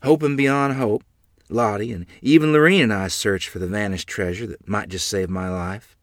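A man narrating a memoir story aloud in an earnest, expressive manner. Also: on the low side, normal speed, dry recording, clean studio sound.

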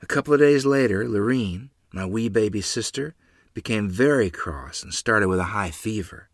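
A man narrating a first-person memoir in an earnest, measured storytelling manner. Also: on the low side, lively intonation, dry recording, studio quality.

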